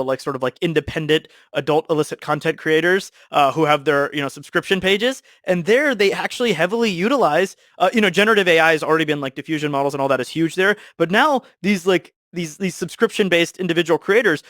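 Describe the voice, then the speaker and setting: A man speaking as a podcast guest, animated and quick, explaining with lots of fillers. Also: fairly high pitch, no room sound, studio quality. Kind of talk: casual discussion.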